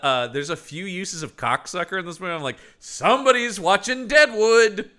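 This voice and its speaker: A man's voice: on the high side, fast talker. A man from the Pacific Northwest co-hosting a podcast, chatting casually and jokily about a movie. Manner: animated, jokey, lots of fillers and laughs. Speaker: podcast co-host. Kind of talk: casual film-review chat.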